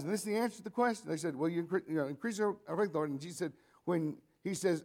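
A man's voice: a little high, fast talker, a little mellow. Older man preaching a folksy sermon. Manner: folksy, conversational preaching with asides and restarts.

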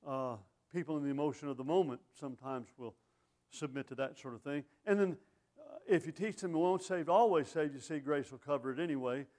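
A man's voice: on the high side, brisk, a little mellow. A middle-aged man preaching a sermon in a folksy, conversational way, full of asides and rhetorical questions.

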